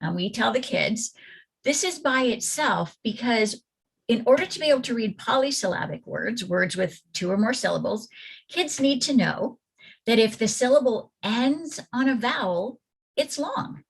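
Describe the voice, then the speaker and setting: A woman's voice: fairly high pitch, expressive, moderate pace, creaky, husky. A woman reading teacher giving an online phonics workshop for parents, sounding out letters and vowel sounds with care. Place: home or classroom at computer, presenting slides.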